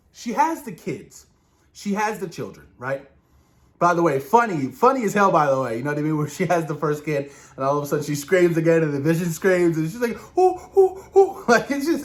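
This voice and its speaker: A man casually discussing a TV episode, excitable and rambling, swearing freely and acting out his own reactions. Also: fairly high pitch. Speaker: show reviewer.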